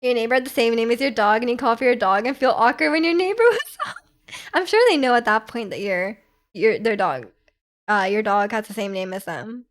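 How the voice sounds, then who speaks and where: A woman's voice: fairly high pitch, expressive, fairly quick. A young woman streamer chatting casually with her viewers, rambling with lots of fillers and restarts.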